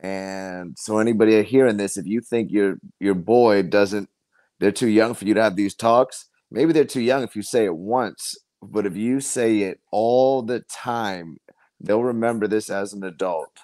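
A man as a podcast guest, telling personal stories in an earnest, halting way with many restarts. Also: fairly low pitch, darkish tone, no echo. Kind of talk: personal storytelling in conversation.

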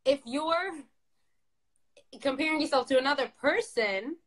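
A woman's voice: sits high, measured pace. A woman therapist on a casual live video call, explaining things thoughtfully with many fillers and restarts. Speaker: therapist guest. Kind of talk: casual live-stream conversation.

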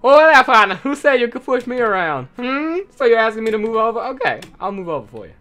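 Brash talking rock, cowboy drawl, high and loud, put on by a man. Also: sing-song, fast talker, heavily acted. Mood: sassy.

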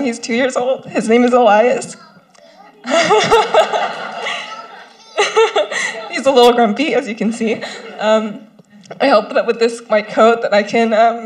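A young woman in her twenties, a medical student giving a tearful, laughing ceremony speech with many pauses. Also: on the high side. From born in South Korea, raised in the US. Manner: tearful, laughing through tears, many ums. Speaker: first-year medical student. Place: ceremony stage.

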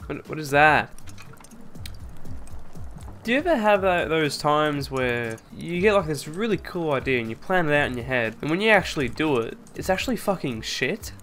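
A man chatting through a survival game stream, quick to get excited and quick to swear. His voice sits a bit high and has a bright, forward edge. He talks loosely and jokily into his mic. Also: soft background music. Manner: excitable, swears a lot, jokey. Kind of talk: casual game chat.

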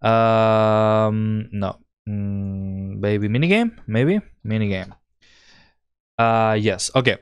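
Male streamer, excited and rambling, clear voice, dry close mic. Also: fairly low pitch, takes it slowly, no echo. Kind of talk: live-stream commentary.

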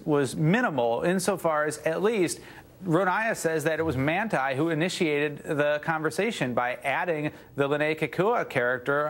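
A man's voice: on the high side, fairly bright tone. A man, a news site editor, answering interview questions with hedges and restarts. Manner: hedging, many restarts and "you know".

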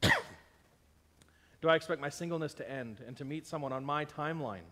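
Emphatic, slightly high-voiced male preacher. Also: moderate pace, sharp tone. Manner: emphatic, acts out imagined complaints. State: unwell, tired with stomach ache. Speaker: pastor. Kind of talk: sermon.

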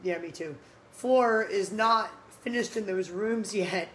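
A woman's voice: medium pitch, slow pace, a little hiss or hum, poor audio. Tired, blunt woman vlogging food. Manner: blunt, candid, talking with her mouth full. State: tired late at night. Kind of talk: casual food-tasting vlog. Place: home, indoors. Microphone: phone camera.

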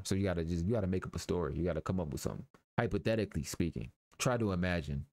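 A young man talks through a game in a relaxed, joking way, full of slang and the odd curse. His voice sits very low. The sound is dry, with no room echo. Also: quick pace. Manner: loose, joking, slangy asides with swearing. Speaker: gaming YouTuber. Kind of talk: casual let's-play commentary reading game text aloud.

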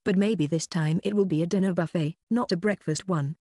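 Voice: mid-range voice, fairly quick, dark tone, dry recording, lightly acted. A narrator voicing an irritable young male chef who snaps blunt orders, in a dry close recording.

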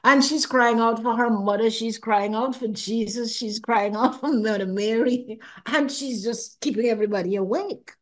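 An older woman speaking in a fairly high voice recounts a personal experience for an interviewer. She talks expressively, acts out what she thought at the time, and often repeats words as she searches for them. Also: normal speed, few pauses. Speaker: interview guest recounting a near-death experience. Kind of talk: animated personal storytelling.

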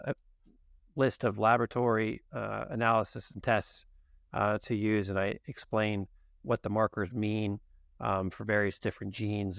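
A man's voice: lowish voice, gravelly, dry recording, clean studio sound. A man as a guest expert on a podcast interview, explaining in detail and acting out exchanges with patients. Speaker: guest expert on genetics and nutrition.

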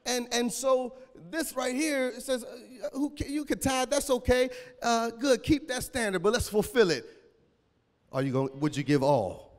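Male pastor, high voice, AAVE, shouting sermon with a cracking voice, echoing church hall. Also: animated, a little slow. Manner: preaching with call-and-response and sudden shouts.

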